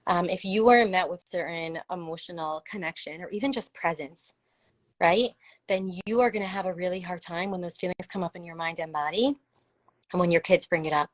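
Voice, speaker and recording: A woman's voice: fairly low pitch, fairly quick, no room sound, rough recording. A woman talking earnestly and reflectively about supporting parents, in a casual live conversation with many "like" fillers. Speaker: parenting and trauma support speaker.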